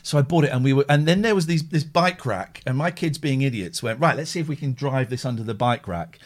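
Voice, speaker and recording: A livestream host, a middle-aged man with a medium-pitched voice, talks a little fast in casual chat. When he tells a story, he gets animated and does the characters' voices.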